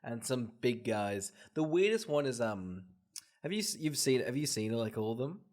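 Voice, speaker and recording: Ironic joking podcast man, mid pitch. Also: big pitch swings, moderate pace, a little mellow. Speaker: podcast co-host. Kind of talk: casual chat, film review.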